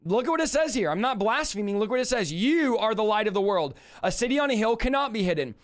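High-voiced, fiery shouting preacher. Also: male voice, very animated, quick pace. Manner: rhetorical questions, swings between shouts and low asides. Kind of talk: live-streamed sermon.

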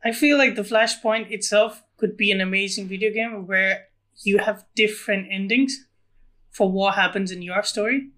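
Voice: medium pitch, steady tone, normal speed, bright, forceful tone. A podcast co-host who asks the questions in brief, casual chat.

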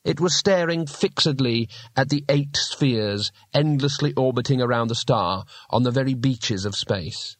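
A man narrating a fantasy audiobook in a measured, steady way. His pitch sits in the middle range, and the recording is dry and close with no room echo. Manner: measured, storytelling. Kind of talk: scripted narration.

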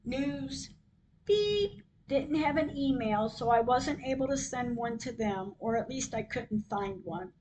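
A woman hosting her own podcast, reading her diary entries aloud in a slow, measured way. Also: on the high side, darkish tone, a little hiss or hum, low-quality recording. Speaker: podcast host.

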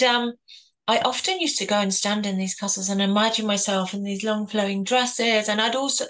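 A middle-aged woman from England talks in an unhurried, gentle manner, pausing and restarting as her thoughts wander. Her voice sits at a middling pitch, and her delivery is a soft, reflective, casual chat. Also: poor audio. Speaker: podcast co-host.

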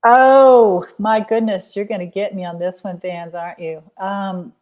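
A woman guest, a charity founder, telling an emotional personal story in a halting, soft-spoken way. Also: mid-range voice, fairly even intonation.

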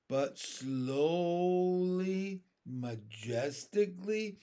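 A man reading a children's book aloud in an expressive, unhurried way. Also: a little high. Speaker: storyteller.

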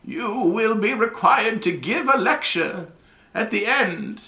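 A frantic old wizard professor who bellows his lecture in a high, strained voice, stretching every word and circling back to repeat himself. The room around him rings with a roomy echo. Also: animated, heavily acted. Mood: manic, shouting. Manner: shouting, drawn-out, rambling, repeats himself. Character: wild-haired old male history-of-magic professor, manic.

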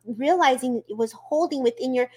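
A woman talking casually and encouragingly about spiritual healing and grief, animated as she speaks. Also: high-pitched, moderate pace.

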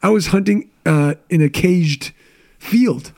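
A man's voice: high voice, a little mellow. A man in his thirties, a business coach, telling candid personal stories in a casual interview chat. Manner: candid, storytelling, quick asides.

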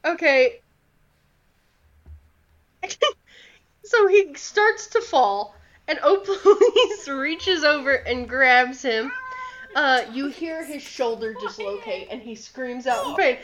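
A woman narrating as game master in a tabletop game, unhurried and often laughing. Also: high voice, lively intonation, fairly bright tone, lo-fi sound.

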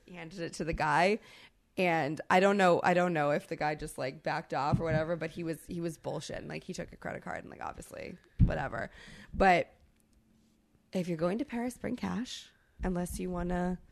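A woman co-host chatting on a podcast, with a lowish voice and a gravelly fry in it. She tells her story in an animated way, swearing freely and filling it with likes and ums. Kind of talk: casual chat.

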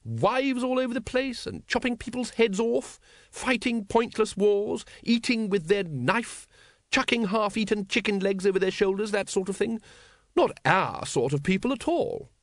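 A male narrator voicing a brisk, posh noblewoman who speaks airily and dismissively. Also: high voice, no echo, voice pushed up. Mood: airy. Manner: airy, plummy and dismissive. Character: posh, airy upper-class noblewoman, brisk and cheerful.

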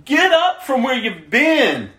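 A woman's voice: high-pitched, very animated, takes it slowly, fairly bright tone. A woman preaching a sermon, emphatic, acting out the prayers she quotes. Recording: roomy echo.

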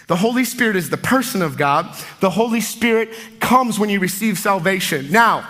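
Pastor, male, bright high voice, energetic emphatic preaching. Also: moderate pace. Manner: energetic, emphatic preaching with sudden loud peaks. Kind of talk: sermon.

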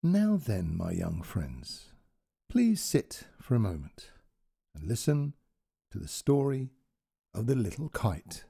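A kindly, wise old man by the fire, as a storyteller puts him on, speaking gently and warmly. The voice is mellow and a little husky, and it rises and falls expressively. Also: on the low side, wildly swooping pitch, slow pace, pauses often, heavily acted. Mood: gentle. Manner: gentle, welcoming.

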